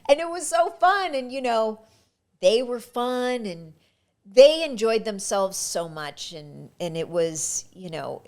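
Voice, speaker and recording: An actress telling lively stories about her auditions and career in a casual interview. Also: a little high, takes it slowly. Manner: lively anecdotal, frequent restarts. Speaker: actress guest.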